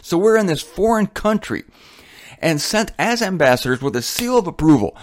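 A man's voice: sits high, big pitch swings, moderate pace. A man preaching a sermon in a blunt, colloquial and emphatic way.

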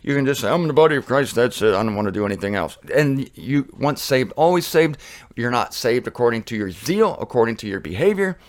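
A man's voice: medium pitch, animated, brisk. Passionate middle-aged male Bible teacher. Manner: passionate, conversational, reads scripture aloud.

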